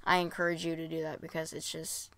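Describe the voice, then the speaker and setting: A man co-hosting a casual podcast and talking about composing music, halting and full of fillers. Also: on the high side, completely flat delivery, vocal fry, pushed and bright. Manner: halting, full of "you know" and "um". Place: bedroom.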